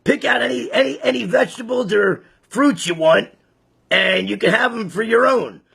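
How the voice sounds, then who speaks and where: A man playing a gruff, threatening farmer father in a joke he is telling. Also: sits high, moderate pace, fairly bright tone, pitched above the performer's own voice, heavily acted. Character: angry protective farmer father, middle-aged man.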